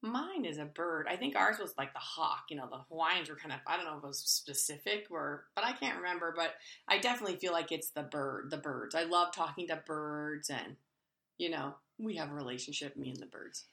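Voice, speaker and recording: Lowish-voiced woman, echoey room. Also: brisk, creaky. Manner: animated storyteller, imitates owl hoots. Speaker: podcast co-host. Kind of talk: casual chat.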